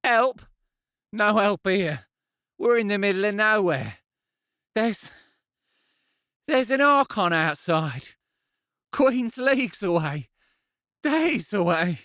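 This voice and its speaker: A man's voice: a little high, expressive, normal speed, a bit bright, smooth, no room sound, studio quality, voice pushed up. A male narrator voicing an exhausted, frightened young man with blunt, colloquial speech in an audiobook. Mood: desperate. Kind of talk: audiobook character voice.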